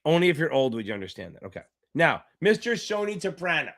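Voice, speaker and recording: Man as a laid-back, profane finance tutor running a live Q&A; slightly high voice, jokes between explanations. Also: sing-song, fast talker, background noise. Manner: casual, joking, swears freely; reads out viewer names, chatty asides. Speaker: exam tutor. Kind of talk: live online Q&A lesson.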